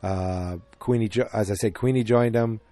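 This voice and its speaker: A man's voice: on the low side, steady tone, normal speed, mellow, dry recording, faint music behind. A man hosting a podcast, casually recapping a film in a rambling way with lots of fillers and restarts. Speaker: podcast host.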